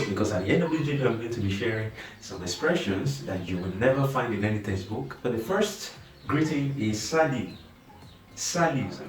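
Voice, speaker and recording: A man teaching a beginner language lesson, speaking slowly and patiently and repeating each word so learners can practice along. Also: mid-range voice, reverberant, far from the mic. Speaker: French teacher.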